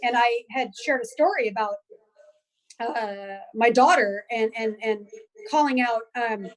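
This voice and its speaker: Lively high-voiced woman telling stories. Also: measured pace, rough recording. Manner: animated storyteller, many restarts and fillers. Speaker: guest. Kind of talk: casual chat.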